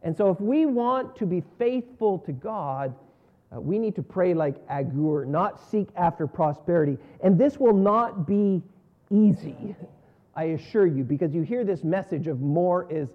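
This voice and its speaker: A man preaching a sermon in an earnest style, rising on key words and falling low at the ends of phrases. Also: animated, measured pace. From North America. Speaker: pastor. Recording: dull lo-fi sound.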